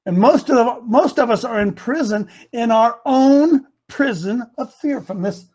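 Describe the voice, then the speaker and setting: A man preaching a sermon, animated, rising to loud bursts. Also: extremely high pitch, unhurried. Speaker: pastor.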